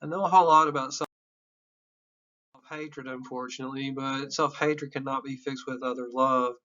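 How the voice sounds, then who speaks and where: A man's voice: medium pitch, fairly even intonation, normal speed, bright, forceful tone, muffled recording. A man in his fifties teaching psychology in an informal, candid and emotional classroom lecture, with some profanity. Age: 50s.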